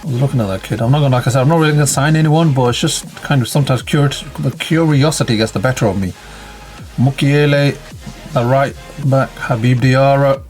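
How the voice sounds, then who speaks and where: A man's voice: mid-range voice, a little mellow. A man giving casual, chatty commentary on a football management game, reacting to each play and calling out his players.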